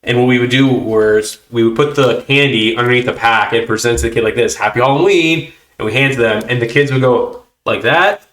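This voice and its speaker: A man hosting a casual chat, telling stories with animated voices for the people in them. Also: mid-range voice, brisk, few pauses, echoey room. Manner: animated storytelling, acting out kids' reactions. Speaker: host.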